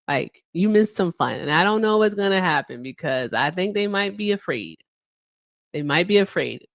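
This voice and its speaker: A woman's voice: mid-range voice, no room sound. A woman hosting a casual livestream, chatty and laughing often as she talks straight to her viewers. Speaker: livestream host.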